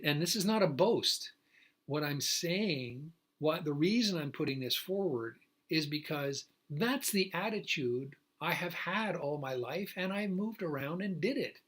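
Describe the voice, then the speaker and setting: A man's voice: on the high side, a bit bright, breathy edge. Emotional older man ranting on a livestream. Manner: emotional, rambling, with many restarts and sudden indignant outbursts. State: choked up. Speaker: activist livestreamer. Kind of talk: solo livestream monologue.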